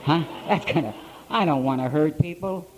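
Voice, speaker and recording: A middle-aged man giving a personal recovery talk to an audience, in blunt storytelling with plain, rough grammar, on an old conference tape. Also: fairly high pitch, moderate pace, rough recording.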